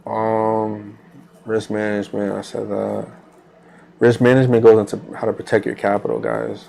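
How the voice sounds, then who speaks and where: Gravelly low-voiced man, flat rambling talk. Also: moderate pace. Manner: loose, rambling, repeats phrases and fillers. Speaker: trading channel host. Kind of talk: casual talk while live trading.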